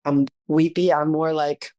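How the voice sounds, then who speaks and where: A woman's voice: deep voice, flat delivery, a little slow, mellow. A middle-aged woman co-hosting a podcast, talking in a fond, rambling, reflective way. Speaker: podcast co-host. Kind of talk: casual chat.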